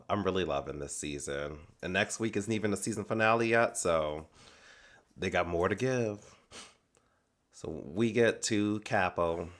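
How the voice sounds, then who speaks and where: Man, casual tv recap, chatty and animated, slightly low voice. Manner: chatty, animated storytelling with quoted asides. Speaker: recap host.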